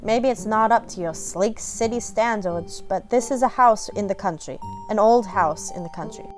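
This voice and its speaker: A woman's voice: medium pitch, moderate pace, a little mellow, faint music behind, natural voice. A woman voicing a haughty, dismissive homeowner in a visual novel, curt and condescending as she reads the dialogue aloud. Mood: disdainful.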